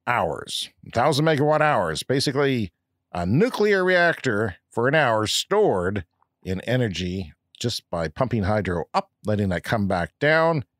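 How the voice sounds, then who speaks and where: A man's voice: lowish voice, sing-song, unhurried, a bit bright, no echo, studio quality. A Canadian man co-hosting a podcast, reading news and letters in a wry, joking manner. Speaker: podcast co-host. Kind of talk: casual podcast chat.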